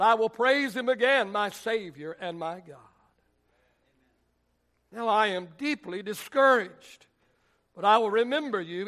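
In a church sanctuary, a male pastor with a high-pitched voice preaches a sermon, reading scripture and praying. His delivery is deliberate and emphatic, now and then swelling into shouts.

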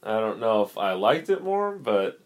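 A man's voice: lowish voice, sing-song, measured pace. A man co-hosting a casual podcast, laid-back and slangy. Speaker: podcast co-host. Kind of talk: casual chat.

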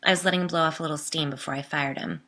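Woman doing a calm, wry male manager. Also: deep voice, very fast. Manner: calm, dry.

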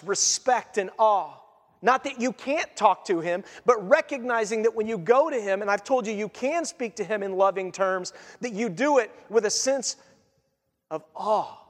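A man preaching a sermon as pastor, conversational and animated, often acting out quotes. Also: sits high. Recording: long hall reverb.

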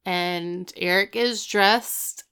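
Low smooth-voiced woman, chatty recap. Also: fairly even intonation, sharp tone. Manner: chatty, retells scenes with quick voiced quotes. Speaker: podcast co-host recapping a show. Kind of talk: casual chat.

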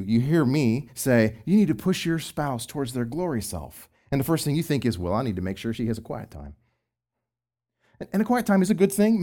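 Discussing Christian marriage advice, this middle-aged former youth pastor lets his pitch leap up and down in lively swings. He shifts from loud, pressing emphasis to quiet asides.

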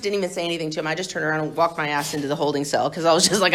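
Young woman, lowish voice, blunt, profane, laughing often, candid testimony to a group. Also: steady tone, very fast, few pauses. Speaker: speaker sharing her recovery story.

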